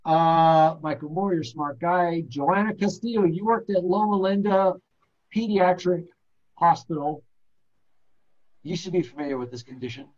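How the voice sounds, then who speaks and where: A man's voice: fairly high pitch, steady tone, normal speed, muffled recording. A man teaching paramedics in a classroom lecture, blunt and joking, acting out patient stories. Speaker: paramedic instructor.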